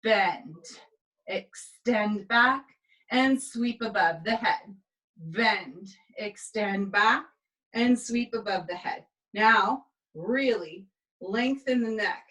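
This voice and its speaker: A tired woman instructor calmly cueing pilates moves and counting through the reps, recorded on a camera mic a few steps away in an indoor studio. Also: medium pitch, slow, distant mic, low-quality recording. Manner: calm step-by-step cueing with counts. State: tired, yawning. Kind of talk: guided exercise instruction. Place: indoor exercise space.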